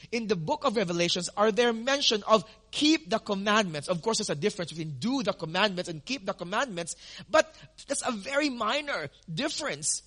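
A man's voice: high voice, bright, forceful tone. A male pastor teaching a sermon in an earnest way, repeating words for emphasis with frequent ums and restarts.

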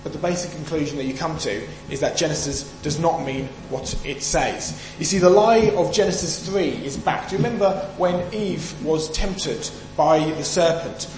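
Brit guy preaching sunday morning, kinda high voice, pushes his points hard, roomy hall w/ faint hum. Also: moderate pace, hardly any pauses, darkish tone. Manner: emphatic, asks the audience questions. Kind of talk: sermon.

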